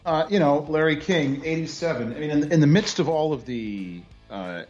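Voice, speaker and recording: A man's voice: a little high, animated, normal speed, darkish tone, soft background music. A man co-hosting a sports podcast, making his case in casual chat. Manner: opinionated, arguing his case. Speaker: podcast co-host. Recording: dull lo-fi sound.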